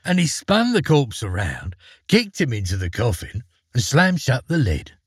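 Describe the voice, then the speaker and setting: A man with a husky voice narrating a fairy tale, with dramatic swings in pitch. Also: huge pitch swings, moderate pace, dry recording, studio quality. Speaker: storyteller. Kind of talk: expressive storybook reading.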